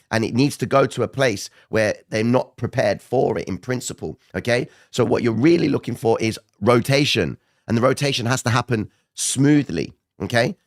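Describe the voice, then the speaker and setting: Gravelly-voiced man giving live market commentary. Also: medium pitch, no echo, clean studio sound. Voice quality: gravelly, not his normal voice. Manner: chatty, addresses viewers directly, frequent "okay?" and "right?".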